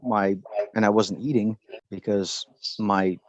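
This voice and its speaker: A man's voice: fairly low pitch, steady tone, muffled recording, crowd noise. A man of forty talking emotionally about himself, stumbling and restarting often as he tells a personal account during a healing session. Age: 40s. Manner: halting, emotional, many restarts and stammers.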